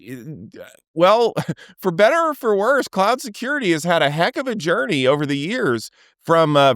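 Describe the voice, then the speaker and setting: A man hosting a podcast from a hotel room in a relaxed, joking way, stumbling and repeating words, on a remote call microphone. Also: fairly high pitch, dry recording, studio quality. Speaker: podcast host.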